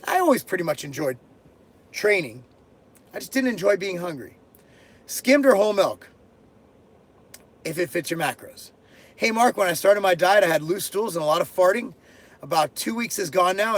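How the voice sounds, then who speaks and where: A middle-aged man hosting a live stream, reading out viewer questions and answering them bluntly, joking crudely and swearing freely. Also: high-pitched. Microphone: headphones and desk mic.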